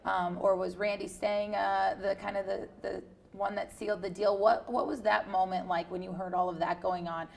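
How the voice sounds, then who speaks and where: A woman's voice: mid-range voice, level tone, normal speed, creaky. A woman interviewing a guest for a sports segment, asking long, friendly questions.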